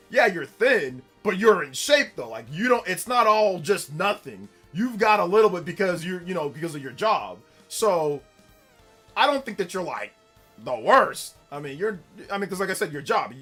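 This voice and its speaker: A man's voice: fairly high pitch, bright, forceful tone, breathy edge. A man from California hosting a casual live stream, chatting with viewers in an upbeat, elevated presentation voice and laughing often. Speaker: streamer hosting a live gaming news show.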